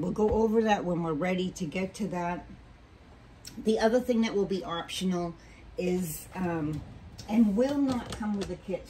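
A woman's voice: lowish voice, dark tone, slight background noise, poor audio. A woman hosting a casual home sewing tutorial, chatty and rambling with many ums and self-corrections, recorded on a camera mic in her sewing room.

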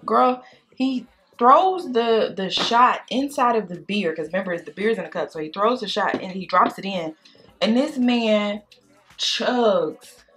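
A woman vlogger chatting casually while doing makeup, telling a date story in a sassy, animated way and calling the listener girl and baby. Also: medium pitch, normal speed, slight background noise. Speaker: beauty vlogger. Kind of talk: casual storytime chat during makeup tutorial.

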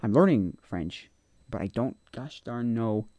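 Rambling man streaming, mellow and dry. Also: mid-range voice, lively intonation, unhurried, no room sound. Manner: rambling and opinionated, trailing off and muttering. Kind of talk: casual live-stream commentary.

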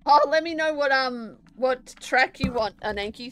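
A woman's voice: high voice, moderate pace, hardly any pauses, fairly bright tone, a little hiss or hum. Chatty giggly Australian woman streamer. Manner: chatty and giggly, answering chat. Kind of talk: casual live-stream chat while gaming and drawing. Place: home streaming setup.

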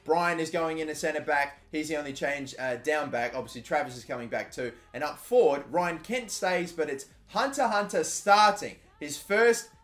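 A young man giving live video game commentary, excitable and foul-mouthed, swinging between loud outbursts and low grumbling. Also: normal speed, hardly any pauses. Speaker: gaming YouTuber.

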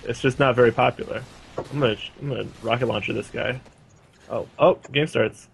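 A young man playing a game with friends, blurting excited reactions and quick laughs. His voice has a gravelly fry to it, pitched in the middle for a man. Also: a little hiss or hum, low-quality recording. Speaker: gaming channel co-host. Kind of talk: casual gameplay chat.

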